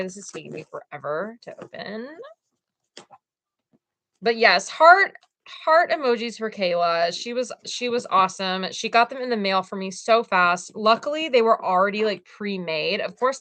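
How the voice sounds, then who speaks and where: A medium-pitched woman hosts a casual livestream from her crafting room at home. She chats with her viewers and gushes to them excitedly.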